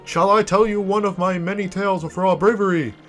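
A man's voice: high-pitched, steady tone, brisk, fairly bright tone, soft background music. A man voicing a vain, boastful male merchant in a video game playthrough, with grand and flowery delivery. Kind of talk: let's play, reading game dialogue aloud.

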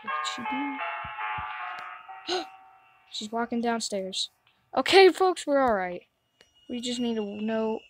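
A woman's voice: a little high, very animated, slow, pauses often, soft background music, rough recording. A woman giving let's play commentary on a horror game, jumpy, gasping and talking back to the game. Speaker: gamer.

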